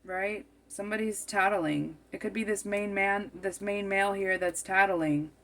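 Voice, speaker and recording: A woman's voice: medium pitch, steady tone, moderate pace, a bit bright. A woman giving a tarot card reading, musing aloud and often repeating and rephrasing her phrases as she goes.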